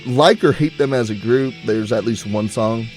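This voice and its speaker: A young adult man with a medium-pitched voice co-hosts a college radio show from a studio, chatting at a moderate pace in a relaxed, rambling way and laughing often. He speaks into a studio mic, with soft music playing in the background.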